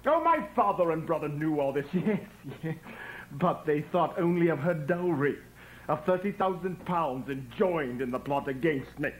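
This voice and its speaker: A man's voice: a little high, animated, normal speed, slight background noise, close to an everyday voice, rough recording. A man playing stormy Mr Rochester on stage. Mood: grave. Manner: stormy, declamatory, given to stammered repeats. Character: Mr Rochester, a brooding passionate older gentleman. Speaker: stage actor. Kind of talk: stage musical acting. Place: theatre stage.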